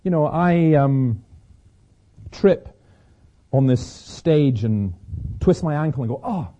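A Scottish man with a sore throat, giving a lively preaching talk on stage to an audience and telling stories with many restarts. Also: a little high, slow pace. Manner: lively storyteller, repeats words as he restarts. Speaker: speaker. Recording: slightly dull lo-fi recording.

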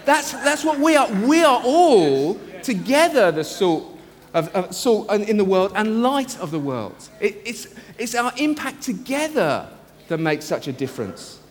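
A pastor preaches in an earnest, emphatic manner, his voice high for a man and swinging widely in pitch. He slows down to lean on key phrases. A long church reverb and a faint hum of room ambience surround him. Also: big pitch swings. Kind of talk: sermon.

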